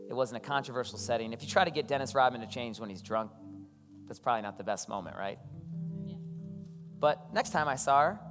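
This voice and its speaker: Male pastor, conversational sermon, long hall reverb, faint music. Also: mid-range voice. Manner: conversational storytelling, asks the crowd questions. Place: church hall.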